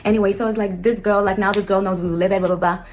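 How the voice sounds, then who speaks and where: Rapid-talking woman telling a story. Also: mid-range voice, steady tone, a little mellow, a little hiss or hum. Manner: rambling, keeps addressing viewers as you guys. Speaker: stepmother telling her story. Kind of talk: fast emotional storytelling to camera.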